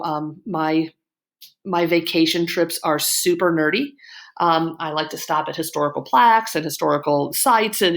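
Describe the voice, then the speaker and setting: Opinionated woman history teacher lecturing. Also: deep voice. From Illinois, USA. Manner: opinionated, frequent ums and you-knows. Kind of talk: casual lecture-style commentary.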